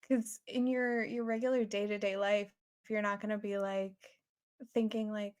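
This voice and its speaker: A woman's voice: medium pitch, level tone, moderate pace, a little mellow, clear, resonant tone. A woman in her twenties, a podcast guest, talking reflectively and supportively in casual chat, full of fillers.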